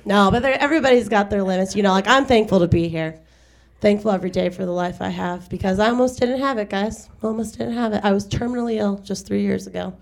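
A woman's voice: medium pitch, quick pace, gravelly. A woman performs a stand-up set with a mid-range voice. She delivers wry, self-deprecating lines, breaking into short acted asides. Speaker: stand-up comedian. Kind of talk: stand-up set at a live radio show. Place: garage venue with live audience.

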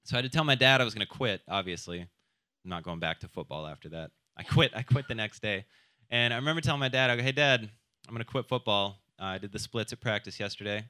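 A man's voice: fairly low pitch, expressive, fast talker, sharp tone, no echo. A man doing a stand-up comedy set, crude and self-deprecating, who keeps jumping into quoted voices. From South Dakota.

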